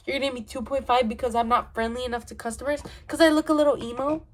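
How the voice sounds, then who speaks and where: A woman's voice: high-pitched, fast. A young woman with a nasal voice rambling casually to her phone camera in a chatty, tangent-filled rant. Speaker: vlogger.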